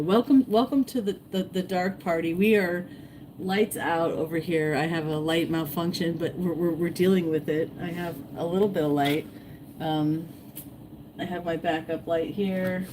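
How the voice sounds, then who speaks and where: A woman hosting a casual fishing livestream, rambling and repeating herself, her voice going hoarse as she greets viewers. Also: on the low side, background noise. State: losing her voice, clearing throat. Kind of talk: casual live-stream chat.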